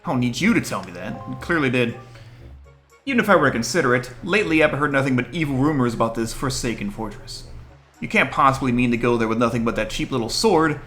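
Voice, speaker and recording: A man's voice: medium pitch, expressive, quick pace, a bit bright, faint music behind, lightly acted. A man reading as a bossy young pirate captain. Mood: scornful. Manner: brash, scornful.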